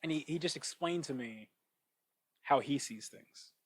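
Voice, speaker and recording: Man thinking out loud on a cheap mic. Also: fairly high pitch, unhurried, husky, no room sound, low-quality recording. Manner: thinking out loud, with frequent restarts and asides. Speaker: podcast host. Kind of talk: casual reflective monologue. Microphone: cheap microphone. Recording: dry, close cheap-mic sound.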